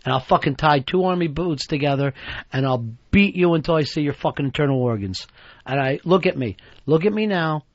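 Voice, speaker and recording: Blustering radio host, dull broadcast. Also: male voice, a little high, lively intonation, fairly quick, dry recording. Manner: blustering, mock-threatening, swearing. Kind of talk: profane radio banter. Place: radio studio.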